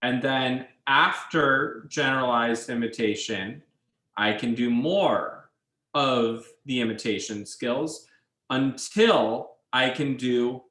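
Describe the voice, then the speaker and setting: A man's voice: mid-range voice, a bit bright, roomy sound, low-quality recording. A man teaching a university class, explaining ideas step by step and checking in with his students. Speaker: university instructor. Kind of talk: classroom lecture.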